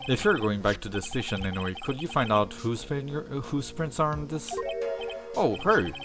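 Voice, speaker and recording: A man's voice: medium pitch, expressive, fairly quick, music in the background. A man casually reading a visual novel aloud as a streamer, with offhand comments and swearing. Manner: casual, swears, laughs at the game.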